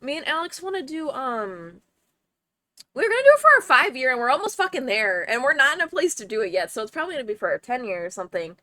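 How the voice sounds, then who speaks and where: A woman's voice: sits high, very animated, quick pace, bright, forceful tone, dry recording. A young woman streaming from home, chatting casually with her viewers, swearing freely and breaking into laughter. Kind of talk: casual livestream chat.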